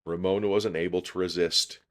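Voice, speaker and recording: Deep-voiced man reading a children's book. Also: fairly even intonation, a little fast. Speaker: storyteller. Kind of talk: children's book read-aloud.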